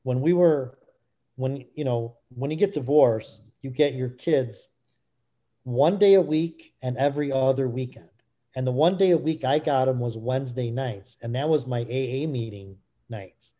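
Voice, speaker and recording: A middle-aged man speaking candidly as an interview guest, halting with frequent restarts. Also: mid-range voice, warm tone. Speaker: guest, author.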